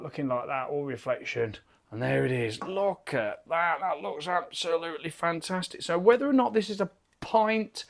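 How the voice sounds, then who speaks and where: A British man giving a chatty, enthusiastic and rambling beer review from his garden cabin bar. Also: a little high. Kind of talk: casual video review.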